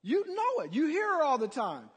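A male preacher delivering an animated sermon, calling out to the congregation. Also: very high-pitched, normal speed. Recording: long hall reverb.

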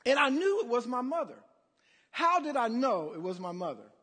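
A male preacher delivering an animated sermon, calling out to the congregation. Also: very high-pitched, normal speed. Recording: long hall reverb.

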